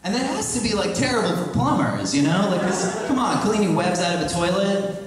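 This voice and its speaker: A young man performing a stand-up comedy set in a small live venue, delivering deadpan absurd one-liners and the occasional shouted animal voice. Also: high-pitched, brisk. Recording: echoey room taped from far off with crowd. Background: audience laughter.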